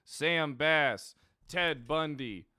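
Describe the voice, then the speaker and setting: A man's voice: on the high side, extremely slow, bright, forceful tone, smooth, no room sound, clean studio sound. A young man streaming a police role-play game, chatting casually to his viewers and rambling with plenty of swearing and laughter. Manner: rambling, profane, laughs often.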